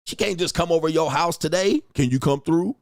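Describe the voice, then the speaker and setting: A man in his forties runs a livestream where he rants crudely and loudly, swears, mocks critics, and reads viewer comments out loud. His voice is on the high side and brisk, in a dry, clean studio recording.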